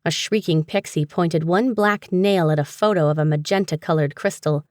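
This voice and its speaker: A woman reading a humorous fantasy audiobook in a steady, even storytelling manner. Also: lowish voice, moderate pace, no room sound, studio quality. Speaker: audiobook narrator. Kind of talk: scripted narration.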